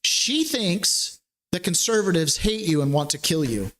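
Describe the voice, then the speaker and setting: Animated man hosting a talk show. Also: high-pitched. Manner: animated storytelling, quick asides. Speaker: show host. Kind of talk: casual political commentary.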